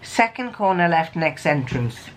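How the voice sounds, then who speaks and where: A woman's voice: deep voice, sing-song, measured pace. A woman vlogger with a sore throat from a cold, chatting casually and rambling a little. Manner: chatty, rambling, with small restarts. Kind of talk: casual vlog chat and reading aloud.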